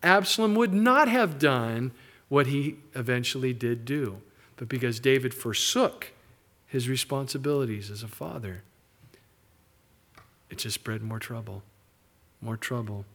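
Animated man preaching a sermon. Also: medium pitch, measured pace, long pauses. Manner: animated preaching, mimics characters in asides. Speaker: pastor.

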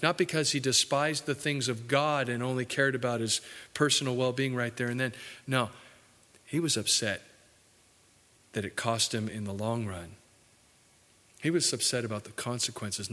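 A man preaching a sermon earnestly, his voice rising for emphasis and dropping low for asides. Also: bright, forceful tone. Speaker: pastor. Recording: hall reverb.

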